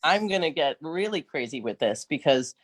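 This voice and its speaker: A woman's voice: low voice, big pitch swings, normal speed, slightly rough, no echo, studio quality. A middle-aged woman from New Jersey with a New Jersey accent, a guest talking bluntly and rambling in casual conversation. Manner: blunt, rambling, swears freely. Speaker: podcast guest.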